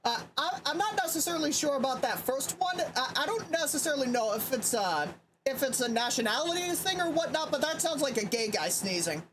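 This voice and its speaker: Lively-voiced woman hosting a livestream. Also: sits high, fairly quick, slight background noise. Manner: hesitant, restarts sentences, laughs easily. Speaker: livestream host. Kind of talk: casual livestream reaction chat.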